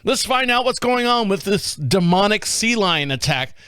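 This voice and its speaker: A man hosts a podcast, reading stories in a loose, joking way and tripping over the odd word. His voice runs high for a man. The recording is close and completely dry. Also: lively intonation, moderate pace, sharp tone, clean tone, dry recording. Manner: jokey asides, stumbles over words. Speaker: podcast host. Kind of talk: casual commentary reading news stories.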